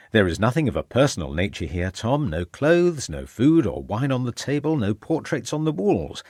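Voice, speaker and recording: A man's voice: fairly low pitch, darkish tone, breathy edge, no room sound, clean studio sound, exaggerated voice. A man voicing an earnest, bewildered police constable in a crime audiobook. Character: puzzled male police constable.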